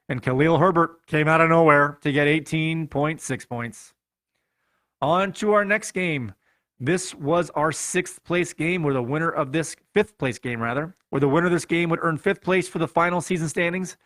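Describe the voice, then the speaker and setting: A man with a Chicago accent walks through the week's fantasy football results in a playful, running recap. His voice sits a bit high. It is recorded close and dry. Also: fairly bright tone, no room sound. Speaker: podcast host.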